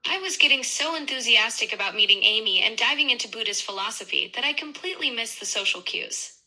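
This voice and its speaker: A gushing voice assistant with a woman's voice, very bright and a touch high. She answers in upbeat, effusive bursts, every reply wrapped in praise. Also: animated, quick pace, poor audio. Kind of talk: chatty assistant replies.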